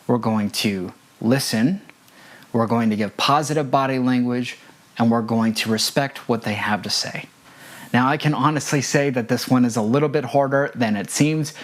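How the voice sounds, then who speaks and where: Male audio engineer, mid-pitched, earnest teaching tone, emphatic repetition. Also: normal speed. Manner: earnest, emphatic, repeats key points. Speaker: front of house audio engineer. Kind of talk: instructional talk with personal stories.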